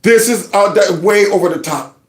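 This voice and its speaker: A man hosting a political commentary channel, reacting to clips in an animated, mocking way. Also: high voice, normal speed, echoey room. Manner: animated, mocking, mimics others in exaggerated voices.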